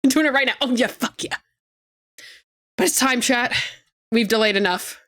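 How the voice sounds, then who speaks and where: A young woman chatting on a live stream in a slightly high voice. She gushes and gets excited, laughs a lot, and swears freely. She talks casually into a desk microphone. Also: moderate pace.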